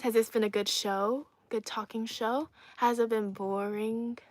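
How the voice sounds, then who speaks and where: Young woman from China, casual livestream host; playful and chatty, a fairly high voice. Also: steady tone, measured pace. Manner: chatty and playful, laughs often, repeats herself. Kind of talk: casual livestream chat reading comments.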